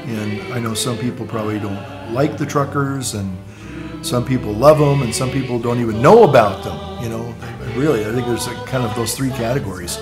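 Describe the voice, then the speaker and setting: A man of middle pitch talks through a casual vlog monologue, stopping and restarting his sentences and tossing in asides. He chuckles at his own jokes, and faint music plays behind him. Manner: halting, frequent restarts and asides. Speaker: vlogger.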